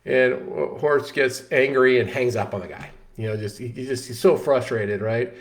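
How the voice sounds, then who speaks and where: A man tells a story in a casual, animated way. He restarts lines often and leans on "you know". His voice sits at an ordinary middle pitch. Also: moderate pace. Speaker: host.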